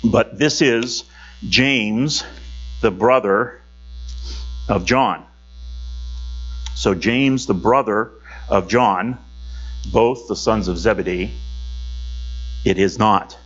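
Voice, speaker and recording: A man's voice: on the low side, extremely slow, pauses often, a bit bright, highs cut off. A man teaching a Bible study lesson in a conversational way, with fillers and self-corrections.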